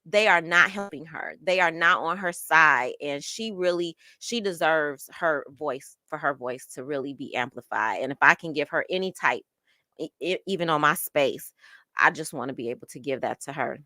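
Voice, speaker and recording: Chatty woman livestreamer with bright, dry sound. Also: deep voice, moderate pace, no echo. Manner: animated and chatty, slangy. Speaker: livestream host reading chat. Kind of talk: casual livestream chat.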